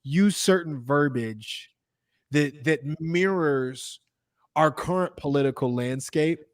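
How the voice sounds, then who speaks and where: A man co-hosting a live podcast, talking in excitable, rambling bursts with plenty of swearing. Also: on the high side, slow, dry recording, clean studio sound. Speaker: podcast co-host. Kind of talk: casual live-stream chat.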